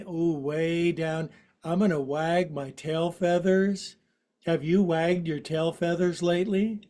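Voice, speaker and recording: With a high, slightly mellow voice, a man in his sixties leads a guided yoga session. He delivers the instructions in a chatty, joking, playful manner.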